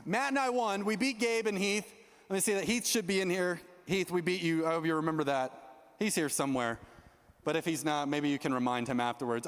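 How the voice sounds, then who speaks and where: A young man giving a youth sermon as a story, animated and self-mocking as he acts out his own lines. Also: high voice, normal speed, clean tone. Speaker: youth pastor. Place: large church youth hall. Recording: long reverb of a large hall.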